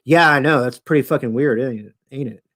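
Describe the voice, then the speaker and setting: A man voicing a strange old man who is calm, matter-of-fact and drawls with casual swearing. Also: medium pitch, brisk, natural voice.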